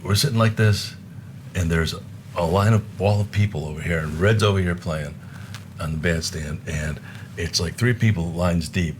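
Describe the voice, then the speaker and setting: Low-voiced older man telling stories. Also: moderate pace, background noise. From Buffalo, New York, USA. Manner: rambling anecdotes, acting out quoted voices with laughs. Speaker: guest musician. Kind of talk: casual storytelling.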